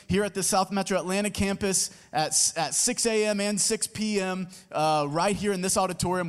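Man, campus pastor, energetic, rallying the crowd, auditorium reverb. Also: high voice. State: tired from little sleep. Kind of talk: church service welcome and announcements. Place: large auditorium. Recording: long hall reverb.

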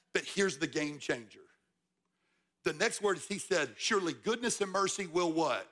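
Bright-voiced high man preaching. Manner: conversational, emphatic, repeats words for stress. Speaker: guest preacher, football coach. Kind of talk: sermon. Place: church.

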